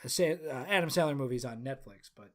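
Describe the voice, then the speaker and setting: A man's voice: medium pitch, fast talker, a bit bright. A man co-hosting a casual film podcast, talking in long rambling stretches with restarts. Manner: rambling, many fillers and restarts. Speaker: podcast co-host.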